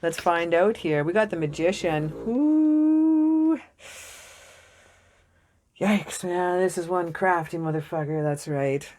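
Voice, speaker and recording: An excitable young woman reads tarot cards in a loose, jokey way, swearing as she goes. Her voice sits a little low for a woman. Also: normal speed, hardly any pauses. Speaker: tarot reader. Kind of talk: casual tarot reading to camera.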